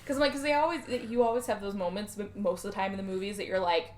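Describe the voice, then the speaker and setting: A young woman co-hosting a podcast, chatting casually and reacting with quick remarks and laughter. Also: medium pitch, fairly even intonation, a little mellow, a little hiss or hum. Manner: reacts with short interjections and laughs. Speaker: podcast co-host. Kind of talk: casual chat.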